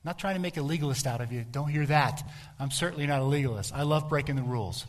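A man's voice: fairly high pitch, fast talker. Conversational man preaching a sermon. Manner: conversational storytelling preacher, asks the congregation direct questions. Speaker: pastor.

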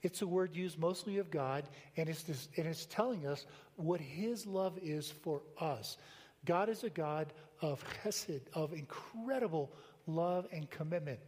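An older male pastor preaches in an easygoing, conversational manner, full of stories and rhetorical questions. His voice sits a little high for a man. It carries a long reverb from the church sanctuary around him. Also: a little slow, darkish tone. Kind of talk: sermon.

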